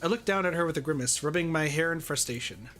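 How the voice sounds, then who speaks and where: A man streaming, reading a visual novel aloud in steady first-person narration. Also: fairly high pitch, fast, faint music behind.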